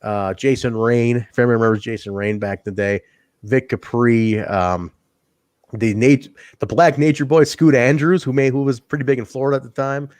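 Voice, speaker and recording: A man's voice: medium pitch, normal speed, darkish tone, no room sound. A man co-hosting a wrestling podcast in casual chat, swearing freely, rambling and laughing often. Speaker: podcast co-host.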